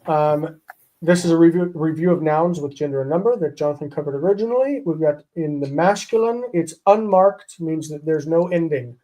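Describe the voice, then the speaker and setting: A man's voice: on the high side, normal speed, warm tone. A man teaching a live online Hebrew lesson, patiently repeating terms and rules.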